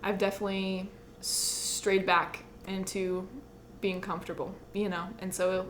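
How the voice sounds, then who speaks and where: A woman's voice: medium pitch, little pitch movement, measured pace, roomy sound, a little hiss or hum. A woman on a podcast telling a personal story in casual chat, full of "like" and acting out her own past lines. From United States. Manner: chatty, many likes, acts out her own past lines. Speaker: podcast co-host.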